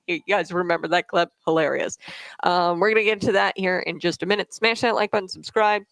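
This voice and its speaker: A woman hosting a casual political livestream, chatty and quick, full of fillers and asides. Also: lowish voice, fairly even intonation, dry recording, poor audio. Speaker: political talk show host.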